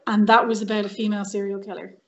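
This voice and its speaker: A woman's voice: medium pitch, very fast, lo-fi sound. Irish woman on a podcast, chatty storyteller, does all the voices in her stories. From Ireland. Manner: lively storyteller who acts out quoted dialogue. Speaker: podcast guest, actress and violinist. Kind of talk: casual storytelling interview.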